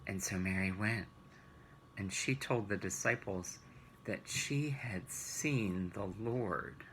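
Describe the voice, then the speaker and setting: A man teaching a children's Bible lesson, retelling the story gently and asking rhetorical questions. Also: on the low side, slow pace, slight background noise, low-quality recording.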